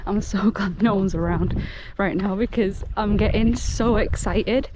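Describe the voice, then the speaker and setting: An excitable, chatty woman, talking casually to camera while hiking outdoors, laughing often. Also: mid-range voice, a little slow, noisy background. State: out of breath. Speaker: solo hiker vlogger.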